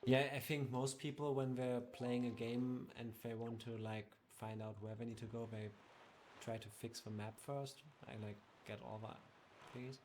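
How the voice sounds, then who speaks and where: A man's voice: medium pitch, steady tone, moderate pace, a little mellow, a little hiss or hum. Sarcastic man teasing a gamer. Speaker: co-host watching the player. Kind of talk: casual game stream chat. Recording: game music in the background. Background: game music.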